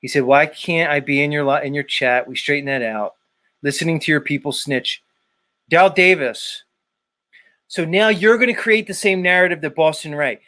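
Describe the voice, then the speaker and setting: A man's voice: a little high, normal speed, sharp tone. Agitated, profane livestream host, man. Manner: agitated, profane, repeating names. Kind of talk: heated livestream rant to chat. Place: dark room.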